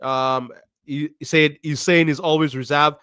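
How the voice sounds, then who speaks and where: A man co-hosting a live fan stream, reading viewer comments in a measured way with many ums. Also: fairly high pitch, fairly even intonation, bright, forceful tone, smooth, dry recording, clean studio sound. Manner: measured, with frequent ums and repeats.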